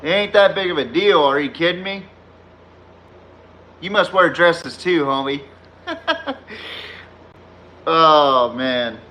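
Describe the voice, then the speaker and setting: A podcast host on a sports livestream rages with plenty of profanity, roasting chat commenters and often laughing at his own jabs. He talks slowly with frequent pauses, in a sharp, fairly high voice with big swings in pitch.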